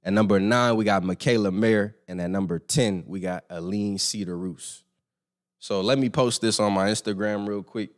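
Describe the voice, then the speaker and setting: A man hosting a casual live boxing stream, talking straight to his viewers in an animated, slangy way. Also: lowish voice, moderate pace. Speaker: boxing podcast host.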